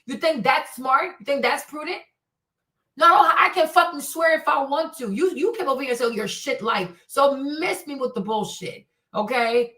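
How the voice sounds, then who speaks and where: A combative woman streamer ranting at her chat, cursing freely and mocking her critics. Her voice sits fairly high and sounds set back from the mic in a roomy, echoey space. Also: a bit bright. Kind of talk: livestream rant answering chat. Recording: roomy echo, distant from mic.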